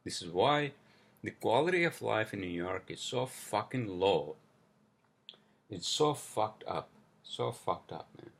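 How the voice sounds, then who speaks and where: A man's voice: lowish voice, animated, unhurried, creaky, husky. A man hosting a solo podcast, venting in a casual, profane, frustrated rant. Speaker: podcast host.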